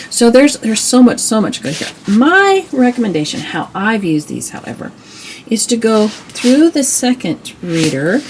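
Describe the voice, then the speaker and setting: Over a noisy background, a middle-aged woman with a fairly low voice hosts a homeschool channel. She shows off old reading books in a casual, admiring show-and-tell review, restarting sentences and tossing in asides.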